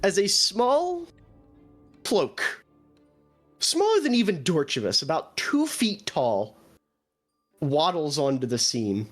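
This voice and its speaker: A man narrating a tabletop role-playing game as game master, describing scenes in an animated way. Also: fairly high pitch, slow, pauses often, faint music behind.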